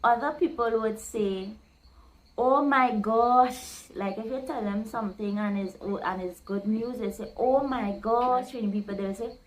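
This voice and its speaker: A woman's voice: mid-range voice, fairly quick, hardly any pauses, rough recording. Woman, vlog host, easygoing explainer who spells out each saying, mid-range voice. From Guyana. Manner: explains step by step, acting out quoted lines with lively voice shifts.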